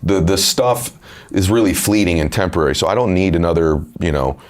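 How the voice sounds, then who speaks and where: A middle-aged man with a deep voice, telling personal stories candidly and earnestly in a conversation. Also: lively intonation, brisk. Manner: earnest, emotional, quotes others in his own voice. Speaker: podcast host and author.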